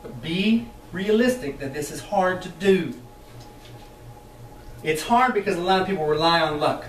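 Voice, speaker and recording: A chatty, animated man teaches a roomful of trainees, laughing as he goes and putting on voices for the people he quotes. He sits a little high for a man, and the sound is roomy and echoey, as if the mic is some way off. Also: moderate pace, a little hiss or hum. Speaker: sales trainer. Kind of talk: training talk to a live group. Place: meeting room with an audience. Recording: echoey room, mic far off.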